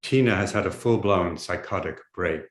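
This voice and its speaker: A man voicing a haughty upper-class English mother in a memoir reading, speaking in a hushed, grave and cutting way. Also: deep voice, moderate pace, lightly acted. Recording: roomy echo.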